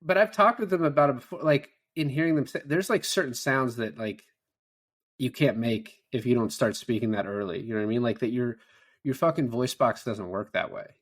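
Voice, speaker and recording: A man's voice: mid-range voice, fairly quick. A man co-hosting a podcast, chatting casually about a movie, swearing freely and acting out lines from scenes. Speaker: podcast co-host. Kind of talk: casual film review chat.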